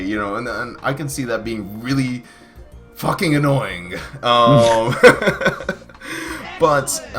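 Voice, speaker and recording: A man's voice: mid-range voice, a bit bright. A man hosting a casual podcast, rambling with lots of fillers and restarts. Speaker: podcast host.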